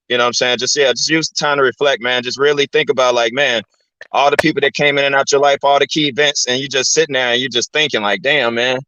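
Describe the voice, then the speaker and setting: Medium in pitch and sharp in tone, this channel host's voice sits in a dull, lo-fi, dry recording. He rambles through a casual rant, cursing and constantly dropping "man" and "you know what I'm saying."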